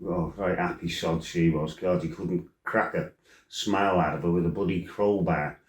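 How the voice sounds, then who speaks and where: A man's voice: low voice, steady tone, moderate pace. A middle-aged man tells his own life story in a blunt, salty way, swearing freely and wandering into asides. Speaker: former fighter telling his life story. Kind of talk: casual storytelling monologue. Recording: roomy echo.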